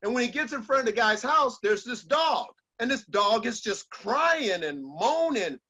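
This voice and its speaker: High-voiced emphatic motivational speaker. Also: male voice, very animated, a little slow, bright, forceful tone. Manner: emphatic, repetitive, preacher-like cadence. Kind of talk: motivational speech.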